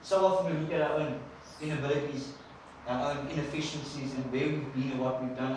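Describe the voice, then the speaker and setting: A man preacher giving a conversational, animated sermon in a church. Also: medium pitch, brisk, a little hiss or hum. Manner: animated storyteller, conversational, acts out quotes. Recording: echoey church from a distant mic.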